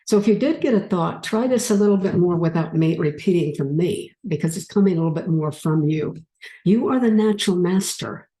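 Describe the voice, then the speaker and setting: A woman giving a spiritual talk and leading her audience through a guided exercise, gently coaxing and unhurried. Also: fairly low pitch, echoey room, rough recording. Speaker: speaker leading a group exercise.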